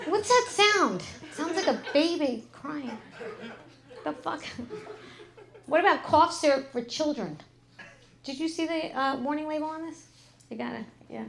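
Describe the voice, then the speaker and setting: A woman's voice: high-pitched, normal speed, pauses often, roomy sound. Brash, profane middle-aged woman comic. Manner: brash, profane, deadpan asides. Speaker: stand-up comedian. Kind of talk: live stand-up comedy set. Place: club stage with an audience. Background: audience laughter.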